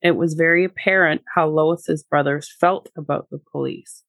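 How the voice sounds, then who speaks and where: A podcast co-host reads scripted narration with a wry edge. The voice is gravelly, and the recording is dry and close. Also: medium pitch, steady tone, normal speed, fairly bright tone, dry recording.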